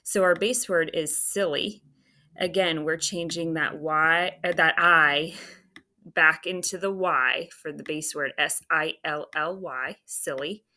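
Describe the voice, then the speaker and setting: A woman's voice: low-pitched, fairly even intonation, takes it slowly, bright, forceful tone. A woman teacher walking through a phonics worksheet, patiently spelling out words letter by letter while she writes on a screen. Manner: self-talk while writing on screen. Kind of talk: phonics lesson walkthrough.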